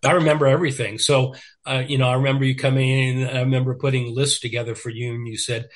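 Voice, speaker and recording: A man's voice: mid-range voice, little pitch movement, fast talker. An older man, a radio programmer, telling stories in casual chat with plenty of fillers and restarts. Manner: rambling, many fillers and restarts, laughs while telling stories. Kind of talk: casual storytelling conversation.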